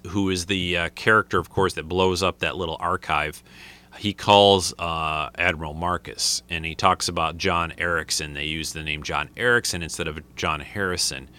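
A man giving casual, unscripted commentary on a film, rambling and halting with many restarts. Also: low voice, pushed and bright, clear, resonant tone.

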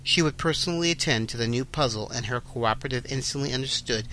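Male host-narrator, bright and forward, even mid-range voice. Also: mid-range voice, fast talker, slight background noise, low-quality recording. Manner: announcing, then steady narration. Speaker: host and reader. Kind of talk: fan audio story reading.

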